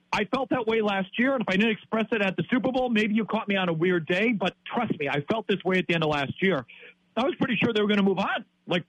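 A man's voice: sits high, fairly bright tone, breathy edge, dry recording, poor audio. A man in his fifties from Wisconsin, ranting in heated sports talk, exasperated and repeating himself. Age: 50s.

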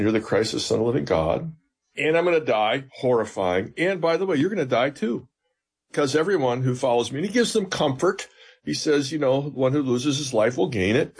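A man's voice: mid-range voice, gravelly, breathy edge. A man, a seminary professor, explaining scripture as an interview guest in an earnest, teacherly way with emphatic retellings.

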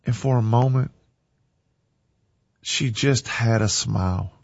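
A man's voice: medium pitch, slow pace, vocal fry, darkish tone, dry recording, muffled recording. A man speaking emotionally on air, fighting back tears as he talks in a fervent, folksy way. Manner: fervent, tearful, folksy and heartfelt. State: teary-eyed, crying.

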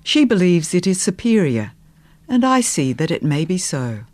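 A woman reading the part of a gentle, kindly male village minister in a storybook reading, with a calm, measured manner. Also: lowish voice, no room sound.

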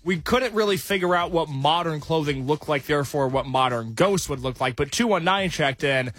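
A man co-hosts a morning radio show in a slightly high voice. He jokes and asks questions in easy banter. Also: animated, normal speed, fairly bright tone. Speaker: radio co-host.

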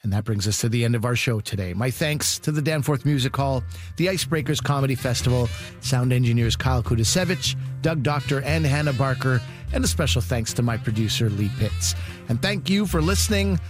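Male radio comedy host, measured sign-off over faint guitar. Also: medium pitch, animated. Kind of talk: scripted show outro.

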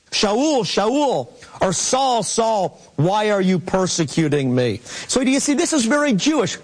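Brief: male Bible teacher, high voice, earnest and emphatic sermon delivery. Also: rough recording. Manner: earnest, slow and emphatic, addresses listeners as beloved. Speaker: messianic teacher.

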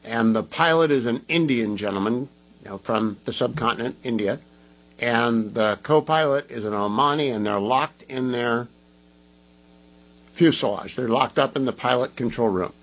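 Male radio host, opinionated, emphatic monologue, mid-pitched voice. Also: normal speed, poor audio. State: groggy from medication. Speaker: radio talk show host.

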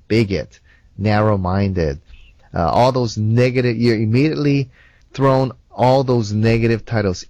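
A man's voice: on the low side, darkish tone, no echo. A man giving a Christian apologetics seminar lecture in a conversational way, telling personal stories with frequent asides. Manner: conversational, tells personal anecdotes, frequent "you know".

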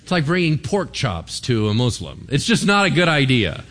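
A man's voice: mid-range voice, moderate pace. A middle-aged man preaching a sermon in a casual, conversational way, acting out short exchanges between people. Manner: conversational, animated, acts out little dialogues. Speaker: pastor.

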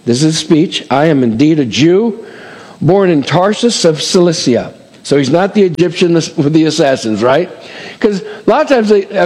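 A middle-aged male pastor with a fairly high voice delivers a folksy, conversational sermon full of asides and fillers. His words ring out with a long reverb, as in a large hall. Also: lively intonation, a little slow, a little mellow.

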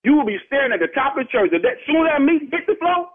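A man's voice: very high voice, expressive, fast talker. A man on a phone call, heated and defensive, filling his talk with "man". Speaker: prank call target. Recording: tinny phone line.

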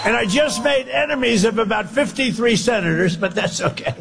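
High-voiced man giving a rambling speech. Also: brisk, creaky. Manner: rambling, emphatic, repetitive. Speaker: politician speaking at events. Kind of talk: campaign speech. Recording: reverberant hall recording.

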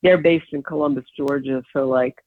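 An older woman, an advertising agency founder, telling animated stories in an interview and laughing often. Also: extremely low pitch, moderate pace, no echo. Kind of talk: storytelling in an interview. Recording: tinny phone-like line.

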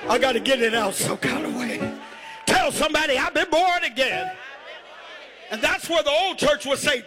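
A man's voice: very high voice, lively intonation, moderate pace, long reverb tail, over music. A man preaching a sermon, calling on the congregation to answer back and stretching out words for emphasis. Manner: call-and-response preaching, shouting and drawling phrases.

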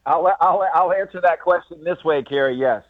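A radio announcer calling in as a guest, speaking in a thoughtful, halting way with many restarts. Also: male voice, a little high, dry recording. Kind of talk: phone-in interview. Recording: tinny phone line.

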